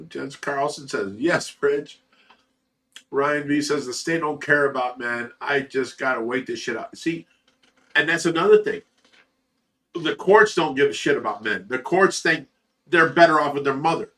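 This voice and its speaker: Blunt, bright-voiced middle-aged man. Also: fairly high pitch, far from the mic. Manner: blunt, profane, earnest fatherly advice. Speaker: livestream host reading chat. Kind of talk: casual livestream chat.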